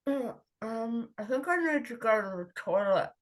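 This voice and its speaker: An Australian woman improvising a comedy scene in a giggly, playful way, with halting restarts. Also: on the high side, expressive.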